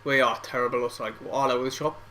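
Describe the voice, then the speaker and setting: A man's voice: medium pitch, flat delivery, quick pace, sharp tone, a little hiss or hum. A young man reacting to a football match live, frustrated and swearing, full of banter. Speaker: football fan streamer. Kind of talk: live match watch-along commentary.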